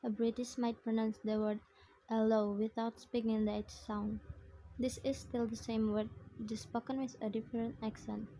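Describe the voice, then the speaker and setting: A young woman student reading her prepared phonetics assignment aloud, in short measured phrases. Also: a little high, little pitch movement, mellow, slight background noise, low-quality recording.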